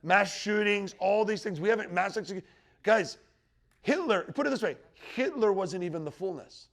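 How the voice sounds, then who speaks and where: High-voiced man teaching scripture. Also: normal speed, creaky, a bit bright. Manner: conversational, checks in with the room, quotes scripture with rising emphasis. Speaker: Bible teacher. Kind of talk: end-times teaching. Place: teaching room with a live audience.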